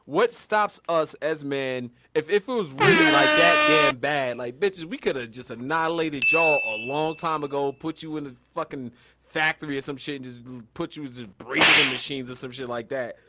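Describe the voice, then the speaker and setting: A man's voice: a little high, normal speed, very noisy. A man co-hosting a podcast, ranting in casual banter with lots of profanity. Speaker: podcast co-host.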